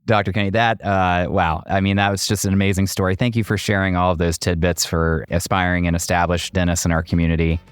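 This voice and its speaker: Deep-voiced enthusiastic male podcast host. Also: flat delivery, quick pace, few pauses, clear, resonant tone, no room sound, clean studio sound. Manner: enthusiastic, effusive praise. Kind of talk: interview hosting.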